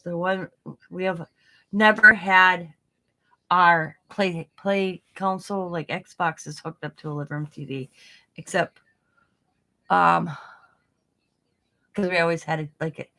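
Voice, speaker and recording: A woman's voice: on the low side, gravelly, sharp tone. A woman hosting her craft channel, chatting casually as she works. She rambles, giggles often, repeats herself and has a light stutter. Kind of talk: casual chat while crafting.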